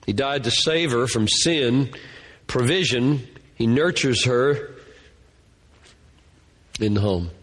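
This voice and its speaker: A man's voice: medium pitch, a bit bright, long reverb tail. A man giving a Bible lecture to a class, thinking aloud and earnestly repeating key words. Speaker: Bible teacher.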